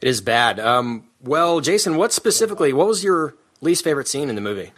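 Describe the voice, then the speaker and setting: A man with a bright, forward voice hosting a casual film review podcast. He talks in an animated, opinionated way and often laughs mid-sentence, with casual, rambling delivery. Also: a little high, brisk. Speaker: podcast host. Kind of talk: casual movie review chat.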